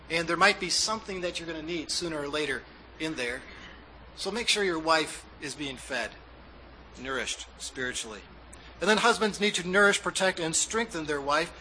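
Bright, high-voiced male pastor preaching. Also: slight background noise, low-quality recording. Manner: preaching with rising emphasis, acting out quoted dialogue. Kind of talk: sermon.

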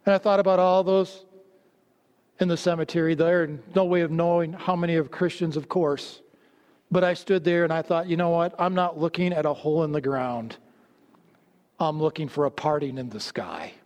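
A man preaching a sermon, telling stories and dropping low and slow to stress his points. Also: darkish tone. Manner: storytelling, drops low and slow for emphasis. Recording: long hall reverb.

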